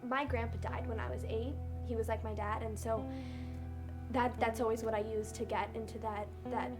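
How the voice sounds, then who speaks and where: A female actor in an interview, recalling a moment with soft, hesitant phrasing. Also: on the high side, flat delivery, moderate pace. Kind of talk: interview recollection. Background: music.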